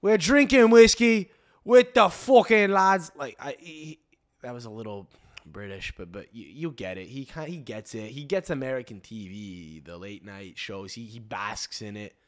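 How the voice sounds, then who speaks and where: A man's voice: on the low side, lively intonation, moderate pace. A man hosting a comedy podcast, ranting in a rambling, profane way with lots of fillers and restarts. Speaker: podcast host.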